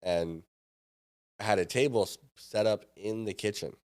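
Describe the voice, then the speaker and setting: A man's voice: lowish voice, a little slow, a little mellow, clean tone. A man in his thirties, a podcast guest, telling a story casually and acting out the dialogue.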